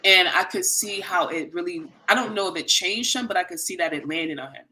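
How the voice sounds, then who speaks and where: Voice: medium pitch, fairly quick, slight background noise. A host telling a long personal story in an earnest, conversational way, acting out the lines of the people in it. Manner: animated, earnest, conversational, quotes others in dialogue.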